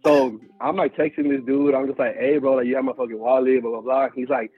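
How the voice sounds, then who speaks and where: A man's voice: medium pitch, fairly even intonation, quick pace, slightly rough, phone-quality sound, faint music behind. A man in his twenties from Houston telling a story casually, full of slang, swearing and fillers. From Houston, Texas. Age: 20s. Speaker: guest storyteller.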